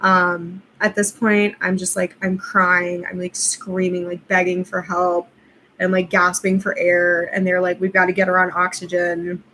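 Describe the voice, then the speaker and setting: A woman's voice: fairly low pitch, monotone, a little slow, sharp tone, a little hiss or hum, poor audio. A young woman vlogger casually telling a personal story, rambling with lots of fillers and laughing at herself.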